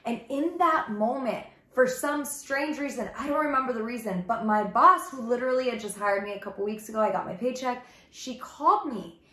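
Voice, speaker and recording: A woman's voice: a little high, fairly quick, few pauses, bright, forceful tone. A woman telling her personal testimony in a casual vlog, chatty and earnest, with "like" running through her sentences. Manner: chatty, heavy use of "like", earnest and confiding. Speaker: ministry vlogger. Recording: echoey room.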